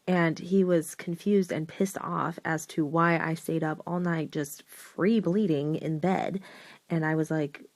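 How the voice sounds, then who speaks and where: A woman's voice: lowish voice, vocal fry, a little mellow, dry recording. A young woman casually telling an exasperated story for a social video.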